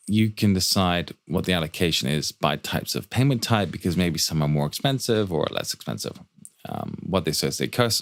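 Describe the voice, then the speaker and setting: A man teaching a fast spreadsheet walkthrough for startup finances, talking quickly with joking asides and rhetorical questions. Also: deep voice, no room sound, studio quality.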